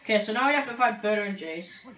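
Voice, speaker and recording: A woman's voice: medium pitch, lively intonation, fast talker, fairly bright tone. A woman commentating gameplay in a chatty, joking way, with many filler words. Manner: chatty, joking, says like a lot. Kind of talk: let's play commentary. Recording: echoey room, far from mic, game music.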